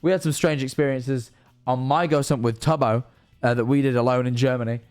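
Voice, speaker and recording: A man's voice: medium pitch, fairly even intonation, fairly quick, a little mellow, smooth. A very tired young man hosting a livestream, chatting loosely through his sign-off, rambling and swearing now and then. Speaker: livestream host. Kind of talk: casual stream sign-off chat.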